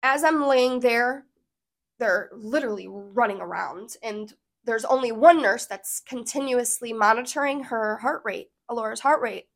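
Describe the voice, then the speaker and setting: A woman's voice: fairly high pitch, moderate pace. A woman vlogger telling a personal story to camera in an earnest, emotional, rambling way.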